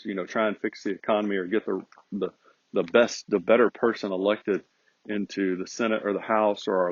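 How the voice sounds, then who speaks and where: A man's voice: lowish voice, breathy edge, dry recording. A man hosting a podcast, speaking in an earnest, preachy, emphatic monologue. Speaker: podcast host. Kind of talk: casual monologue. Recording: dull, lo-fi.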